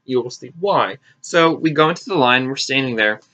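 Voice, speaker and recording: Animated young man with a bright voice. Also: normal speed. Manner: animated, jumps into high mocking voices for quotes; sarcastic, swears freely. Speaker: vlogger. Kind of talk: casual storytime. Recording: slightly dull lo-fi audio.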